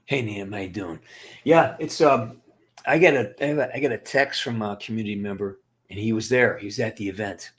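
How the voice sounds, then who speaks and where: A man's voice: on the low side, a little fast, fairly bright tone. Blunt, profane middle-aged man ranting. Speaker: livestream host. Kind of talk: casual rant to live chat.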